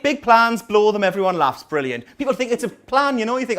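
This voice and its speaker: High-voiced Geordie man doing stand-up. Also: animated, a little fast, few pauses, fairly bright tone. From North East England. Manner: rambling self-mocking storytelling with dry asides. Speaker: stand-up comedian. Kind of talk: stand-up comedy set. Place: small coffee house venue with a live audience.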